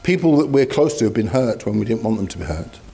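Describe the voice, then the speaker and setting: A man's voice: fairly low pitch, sing-song, fast talker, vocal fry, dark tone, slightly rough. A man preaching a sermon in a conversational, storytelling way with asides to the congregation.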